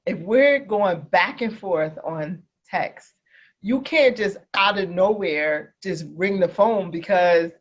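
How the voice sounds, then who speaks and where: A man's voice: sits high, takes it slowly, lo-fi sound. A man co-hosting a casual podcast, arguing his side point by point. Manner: argumentative, explains point by point. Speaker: podcast co-host. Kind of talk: casual chat.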